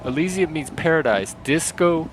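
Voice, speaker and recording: Guy putting on a loud high-pitched jive dude yelling for disco, noisy mic. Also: animated, moderate pace, lightly acted. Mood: boisterous.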